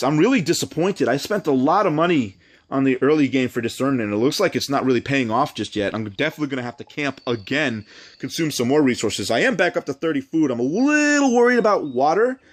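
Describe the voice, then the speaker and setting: A man doing let's play commentary, thinking out loud and reading the game's text aloud in a chatty way. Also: mid-range voice. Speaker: game streamer.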